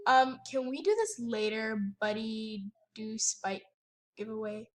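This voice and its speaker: A woman's voice: fairly high pitch, fairly even intonation, slow pace. A woman ranting with sassy indignation while commentating her gameplay at home by the computer. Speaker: gaming channel host.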